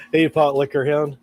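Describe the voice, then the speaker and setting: A man with a slightly high, gravelly, somewhat bright voice chats casually on a live stream about guitar repair. He laughs often and reads chat messages aloud, and the recording is rough.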